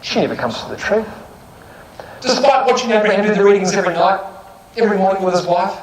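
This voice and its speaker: A man's voice: high voice, lively intonation, fast, crowd noise. A man giving a Bible exposition talk, asking rhetorical questions and reading verses with stress. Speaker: Bible speaker. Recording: echoey room with loud air-conditioning hum.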